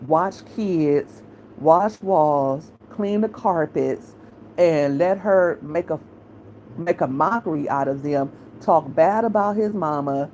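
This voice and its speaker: A low-voiced middle-aged woman, opinionated and blunt, talking casually straight into the mic. Her tone is frank and conversational. There is a faint hiss of noise under her voice. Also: warm tone, rough recording. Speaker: commentary channel host.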